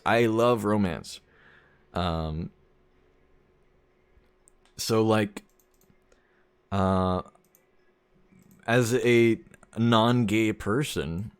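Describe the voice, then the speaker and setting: A young man streaming a game, chatting casually and rambling, often chuckling at his own jokes. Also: mid-range voice. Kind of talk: casual gameplay commentary.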